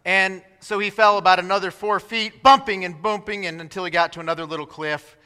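A man preaching a sermon, telling a story in an animated way and acting out the voices of the people in it. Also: high-pitched, a little fast, clean tone. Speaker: pastor. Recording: reverberant hall.

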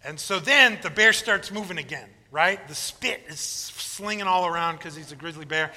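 Pastor, male, sermon delivery with lively storytelling; very bright, high voice, long church reverb. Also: moderate pace, hardly any pauses. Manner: storytelling, animated joke-telling.

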